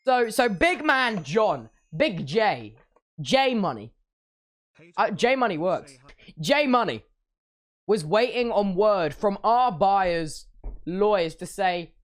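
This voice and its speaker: A man's voice: high-pitched, very animated, takes it slowly. A young man streaming, telling a playful, exaggerated story and slipping into silly voices.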